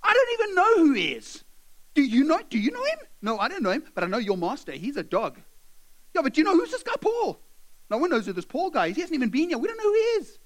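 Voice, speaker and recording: A man voicing an indignant, overworked male slave in an early church, ranting in rapid, exasperated questions. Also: high voice, big pitch swings.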